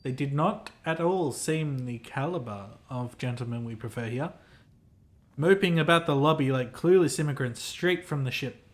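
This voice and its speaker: A man's voice: mid-range voice, moderate pace, lightly acted. A man voicing a pompous, self-important male hotel clerk in a game, reading the lines aloud in a formal, fussy, theatrical manner.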